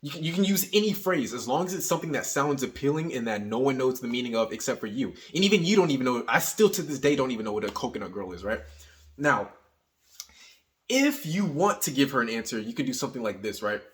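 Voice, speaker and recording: A man's voice: mid-range voice, fast talker. Young man coaching with a "right?" habit. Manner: tags points with "right?", energetic and teasing. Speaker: dating coach. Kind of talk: casual coaching monologue.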